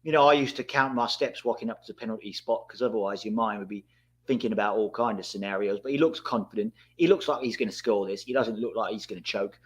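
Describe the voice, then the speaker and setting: Excitable man commentating a live watchalong. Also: lowish voice, fast. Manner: excitable, bursts out at big moments, talks to chat. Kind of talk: live match commentary and chat.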